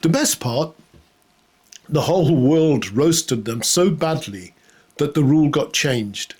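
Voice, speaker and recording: A man's voice: fairly high pitch, lively intonation, slow, a little mellow, slightly rough. A man delivering a satirical comedy monologue in a sarcastic, mock-outraged way, often laughing at his own jokes. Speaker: comedy host.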